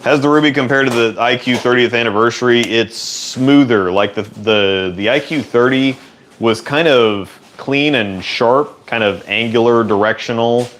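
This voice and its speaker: A man hosting a relaxed, rambling chat in a workshop, answering viewer questions. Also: mid-range voice, moderate pace, slight background noise. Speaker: host. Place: indoor workshop.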